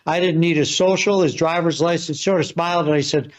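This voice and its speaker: A man's voice: a little high, fairly even intonation, a little fast. A man telling a chatty anecdote as a testimonial in an advertisement. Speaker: business owner in an ad. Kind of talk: ad testimonial story. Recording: dull lo-fi audio.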